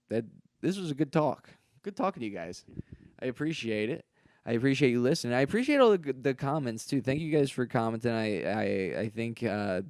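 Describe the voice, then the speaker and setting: Young man, solo podcast host, rambling confessional talk, stammering restarts, low smooth voice, dry close sound. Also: darkish tone, dry recording. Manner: rambling, self-reflective, frequent stammered restarts.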